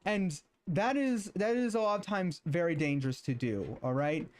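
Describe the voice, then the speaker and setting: A man streaming, talking casually and then reading scripture aloud in a halting way, with many filler sounds and restarts. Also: on the high side, animated, a little mellow.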